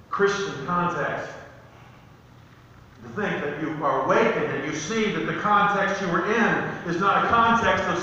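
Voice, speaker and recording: A pastor preaching a conversational sermon with personal stories, rising to emphatic peaks. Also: male voice, a little high, pushed and bright, a little hiss or hum. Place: church sanctuary. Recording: echoey church hall, distant mic, slightly dull.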